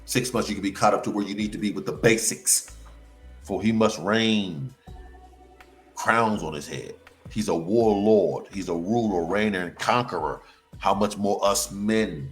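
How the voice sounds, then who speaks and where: A man preaching through scripture, emphatic, repeating phrases in a chant and breaking into sudden high whoops. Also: measured pace, soft background music. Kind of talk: sermon-style scripture teaching.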